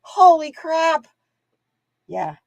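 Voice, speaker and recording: A woman's voice: very high-pitched, big pitch swings, extremely slow, vocal fry, no echo. A woman hosting live card readings, chatting casually to viewers and laughing often as she wanders off into stories. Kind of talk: casual livestream chat.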